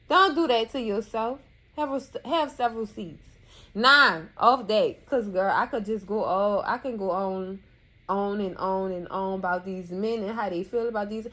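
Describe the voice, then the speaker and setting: A woman giving casual TV recap commentary in a sassy, animated way, scolding the characters and calling her viewers cousins. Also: on the high side. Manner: colloquial, addresses viewers as cousins.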